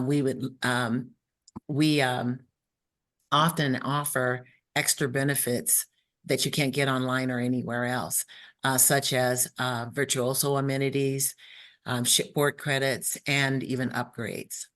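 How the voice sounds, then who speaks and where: A woman travel agent presenting in a webinar, listing numbered points with frequent fillers. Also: extremely low pitch.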